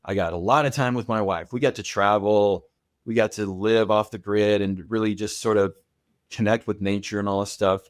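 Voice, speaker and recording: A man of fifty speaks as a podcast guest, confident and reassuring as he tells stories. His voice is fairly low. The sound is close and dry. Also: fairly even intonation, moderate pace, no echo. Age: 50s. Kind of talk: casual interview chat.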